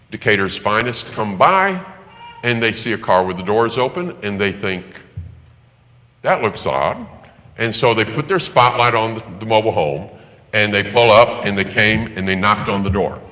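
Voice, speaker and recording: Animated preacher in a reverberant hall. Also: male voice, on the low side, normal speed. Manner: animated storyteller, acts out voices, laughs. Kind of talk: sermon storytelling.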